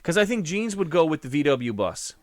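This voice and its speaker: A man's voice: on the high side, big pitch swings, a little fast. A man co-hosting a casual chat, playful and joking, often breaking into snatches of song. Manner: playful, bursts into song snippets and laughter.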